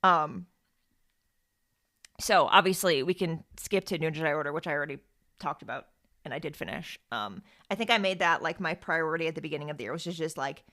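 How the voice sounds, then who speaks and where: A woman's voice: sits low, fairly quick, pushed and bright, dry recording, clean studio sound. A woman hosting a podcast in casual chat, talking in a rambling, chatty way with frequent fillers and laughs. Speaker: podcast host.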